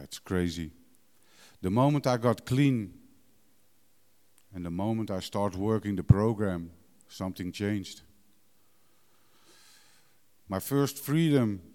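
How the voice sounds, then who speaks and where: A middle-aged man with a low, mellow and smooth voice speaks frankly about his own life. He talks in broken English, blunt and emotional, swearing without hesitation. The sound carries a long hall reverb. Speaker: recovering addict sharing his story. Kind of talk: candid personal testimony.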